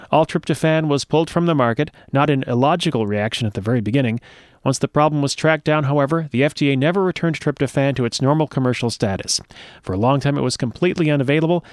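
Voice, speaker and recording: A man's voice: mid-range voice, dry recording. A male show host with a dry, wisecracking, mock-serious way of talking, reading aloud from a web page. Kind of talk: joking talk and reading aloud.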